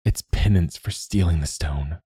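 A man's voice: low voice, measured pace, dark tone, slightly rough, no room sound, clean studio sound, heavily acted. A man voicing a stern, weary woman warrior living under a curse, speaking curtly and commandingly. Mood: bitter. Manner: curt, commanding.

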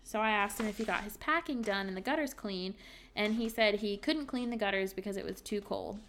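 A woman's voice: medium pitch, fairly quick, a bit bright, slight background noise. A young woman hosting a solo podcast, chatting candidly and reading from her journal with lots of ums and likes. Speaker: podcast host.

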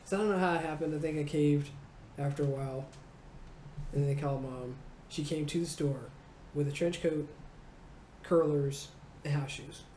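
A comedian in her forties tells a childhood story in an interview, lively and laughing, acting out the people in it. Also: low voice, moderate pace, pauses often. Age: 40s. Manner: animated, acting out voices, laughing. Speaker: comedian guest. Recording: roomy echo, faint noise.

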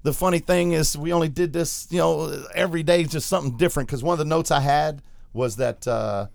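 Gravelly guy hosting a podcast, dry close mic, animated storyteller. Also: on the high side, a little fast, no room sound. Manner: animated storyteller, acts out quotes. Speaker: podcast host. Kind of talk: casual storytelling chat.

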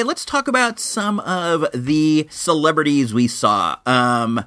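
A man hosting a podcast, talking casually in a lively, chatty way with drawn-out asides. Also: fairly high pitch, no echo, studio quality. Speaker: podcast host. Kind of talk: casual monologue.

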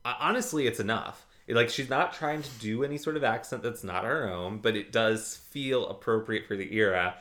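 A man co-hosting a podcast, chatting casually about a TV episode, jokey and quick to laugh. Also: mid-range voice. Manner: laughs often, jokey and animated. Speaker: podcast co-host. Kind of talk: casual chat recapping a TV episode.

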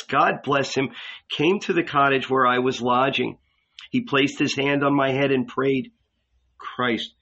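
A zealous young preacher with a high, cracked voice proclaims with burning fervour, as a man reads him in an audiobook. The tone is bright and forward. The recording sounds slightly muffled. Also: vocal fry, breathy edge, heavily acted. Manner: fervent, proclaiming. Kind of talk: audiobook reading.

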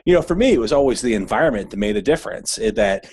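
A man's voice: mid-range voice, animated, fast, a little mellow, husky. A man in his fifties hosting a casual interview, reflecting on his working years and laughing easily.

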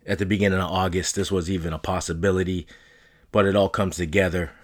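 A man's voice: sits low, fairly even intonation, fairly quick. A man in his thirties from northern New England hosting a podcast, rambling in a profane, joking, boastful way. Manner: profane, rambling, jokey bravado. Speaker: podcast host. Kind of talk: casual podcast monologue.

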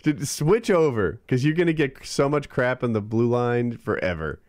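Excitable man, animated pitch. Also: no echo, studio quality. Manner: excitable, quick to joke along. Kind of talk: casual podcast chat.

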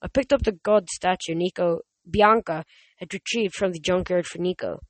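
A reader narrating a story in first person, steady, with small slips and restarts. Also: medium pitch, moderate pace, no room sound, low-quality recording. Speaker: audiobook reader.

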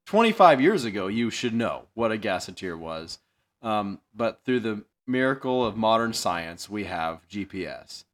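A low-voiced man co-hosting a casual podcast. He explains things at an easy pace and often chimes in on his friend's stories. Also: sing-song, measured pace. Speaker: podcast co-host. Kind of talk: casual chat.

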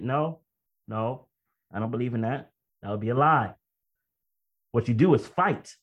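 A man preaching a sermon, reading quotations slowly and then commenting in a conversational, emphatic way with personal stories. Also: mid-range voice. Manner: reads quoted text slowly, then comments conversationally and emphatically, often laughing. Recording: dull lo-fi recording.

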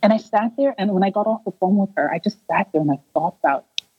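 A woman speaks earnestly as an interview guest, telling a personal story and often restarting her sentences. Her voice sits at a middle pitch. The recording is dry and slightly muffled. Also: fast, husky, dry recording. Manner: earnest, repeats and restarts, acts out quoted voices.

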